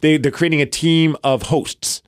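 In casual podcast chat, a New York-accented co-host from Brooklyn rambles through a long story, acting out quoted dialogue. He speaks unhurriedly in a smooth, fairly high voice with fairly even intonation, captured in clean studio sound with no echo.

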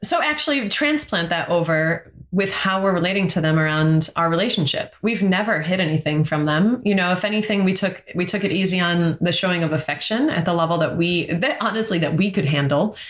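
A woman's voice: on the low side, fairly quick, few pauses, roomy sound. A woman talking earnestly and reflectively in casual podcast chat, often laughing. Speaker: parent and co-host.

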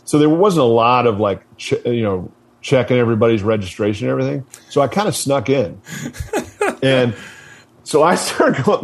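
A former Marine officer being interviewed speaks in a mid-range voice with a breathy edge. Relaxed and profane, he tells stories full of fillers and laughs as he goes.

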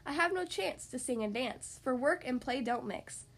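A woman's voice: sits high, animated, normal speed, fairly bright tone, exaggerated voice. A woman voicing a sober, hardworking little pig in a storybook read-aloud, firm and reassuring. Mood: steady.

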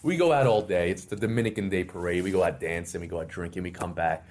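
A middle-aged man with a low voice talks fast over a little hiss or hum. Guesting on a podcast, he tells a long, energetic story, theatrically acting out other people's lines in different voices.

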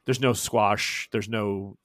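A man's voice: on the low side, fairly even intonation, slow, a bit bright. A man narrating a tabletop game as game master, rambling with fillers and self-corrections.

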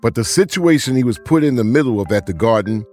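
A man giving scripted documentary narration in a measured, even delivery. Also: medium pitch, soft background music. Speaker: podcast narrator.

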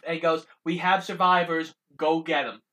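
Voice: mid-range voice, steady tone, normal speed, bright, forceful tone, a little hiss or hum, poor audio. A podcast co-host talking about a film with earnest, enthusiastic praise. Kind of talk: casual movie review chat.

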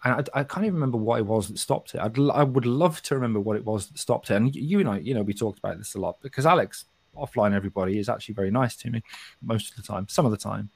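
A middle-aged man from England with a softened West Midlands accent, talking frankly and swearing often as a podcast co-host. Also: fairly low pitch, very fast, gravelly, breathy edge, no room sound. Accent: softened West Midlands English. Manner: frank and sweary, with frequent restarts. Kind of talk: casual podcast chat.

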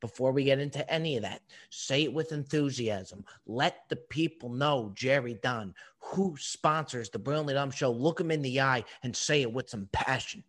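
Podcast host guy ribbing his buddy, mid-pitch voice, joking around. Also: moderate pace, hardly any pauses, a bit bright. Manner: teasing, playfully exasperated. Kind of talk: casual comedic banter.

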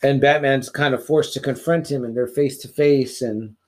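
A man's voice: medium pitch, fairly even intonation, moderate pace, a little mellow. A man in casual conversation, mostly agreeing and adding short remarks to the story. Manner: agreeable, chiming in with short affirmations. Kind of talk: casual comic book discussion.

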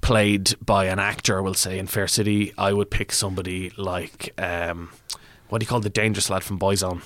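Male comic, theatrical and rambling, lower voice, dry close sound. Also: level tone, moderate pace, fairly bright tone, no echo. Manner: rambling, theatrical, hesitant with many ums. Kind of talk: improvised comedy podcast banter.

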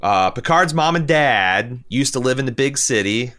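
A man's voice: medium pitch, normal speed. A man co-hosting a podcast, chatting casually and profanely, acting out bits of dialogue. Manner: animated, profane, acts out quotes. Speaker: podcast co-host.

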